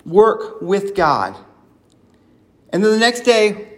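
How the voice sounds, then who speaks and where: Guy with a high voice preaching about prayer, earnest and chatty, talks like he's praying right there. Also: very animated, takes it slowly, pauses often, fairly bright tone. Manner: earnest, acts out sample prayers in a conversational tone. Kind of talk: sermon.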